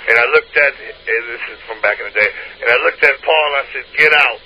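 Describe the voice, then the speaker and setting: Gravelly man laughing through a crude tale. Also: mid-range voice, quick pace, pushed and bright. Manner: crude, profane, laughs through his own story. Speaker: hotline storyteller. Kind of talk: casual spoken anecdote. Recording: dull lo-fi line with faint hiss.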